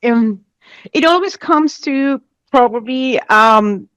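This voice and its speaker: A fairly high-voiced woman, not a native English speaker, chatting on a podcast. She tells stories with lots of energy, laughs often and acts out what people said. The sound is dry and close. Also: expressive, slow, a bit bright, clean tone, no room sound. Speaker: podcast guest. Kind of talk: casual chat, storytelling.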